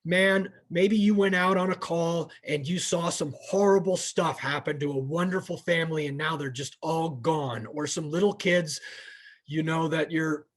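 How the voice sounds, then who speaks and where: A man's voice: a little high, normal speed. A middle-aged man, an instructor, giving a candid, plainspoken training talk and retelling conversations, often restarting his sentences. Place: training session room.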